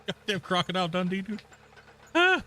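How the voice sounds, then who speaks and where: A man's voice: high-pitched, very animated, moderate pace, bright, forceful tone, slight background noise. Chatty male gaming streamer. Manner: chatty, talks straight to viewers in chat, frequent laughter. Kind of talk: casual livestream chat.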